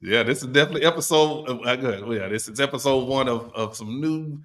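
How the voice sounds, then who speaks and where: A man's voice: medium pitch, fast talker, fairly bright tone. A man co-hosting a podcast, talking in easygoing casual slang. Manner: easygoing, laid-back slang. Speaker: podcast co-host.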